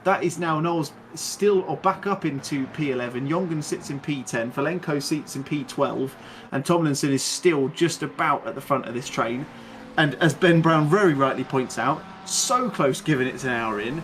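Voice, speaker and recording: A man commentating live on a sim race with a fairly high voice. His calls are rapid and excitable, and he chats and laughs between the action over a faint background hiss. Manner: excitable, chatty, laughs often, rapid play-by-play.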